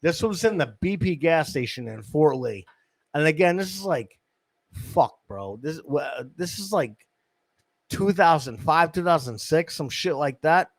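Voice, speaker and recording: A man's voice: on the high side, animated, unhurried, dry recording. A man, hosting a podcast and telling a rambling, profane street-hustler story into a studio mic. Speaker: podcast host. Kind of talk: casual storytelling. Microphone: studio microphone.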